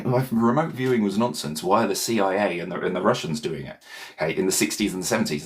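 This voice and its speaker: A low-voiced man talks loosely and digressively to his viewers as a meditation teacher. He wanders between points and keeps checking in with a quick "okay?". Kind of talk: casual rambling talk to viewers.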